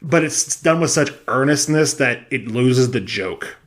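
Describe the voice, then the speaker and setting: A man's voice: medium pitch, lively intonation, a little slow. A young man co-hosting a podcast, chatting casually with lots of fillers and laughs. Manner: rambling, filler-heavy, laughing. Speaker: podcast co-host.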